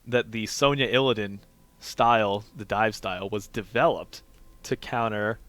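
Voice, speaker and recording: A man's voice: fairly low pitch, a bit bright, dry recording. A man co-casting an esports match, teasing his partner and chatting casually. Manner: teasing, playful, quick to laugh. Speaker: esports co-caster. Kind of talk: casual commentary banter.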